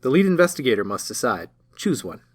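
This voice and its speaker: A man narrates a card game campaign in a measured, even, storybook manner. His voice sits at a mid pitch and is neither high nor low. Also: no echo. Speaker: podcast narrator reading a campaign guide.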